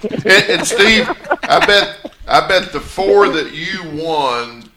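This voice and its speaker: A man's voice: on the high side, animated, slow, a loud crowd. A man hosting a casual radio interview, amused and drawn into the guest's story. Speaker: radio host.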